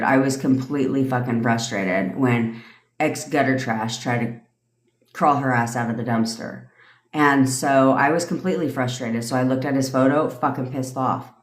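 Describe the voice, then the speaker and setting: A woman in her thirties, a manifestation coach ranting and answering questions on a casual livestream, blunt and profane, laughing often. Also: extremely low pitch. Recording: echoey room.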